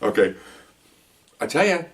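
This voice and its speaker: A man's voice: mid-range voice, big pitch swings, a little slow, distant mic. An older man, a retired police officer, telling stories in a rambling, conversational way full of asides and restarts. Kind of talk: casual storytelling to camera.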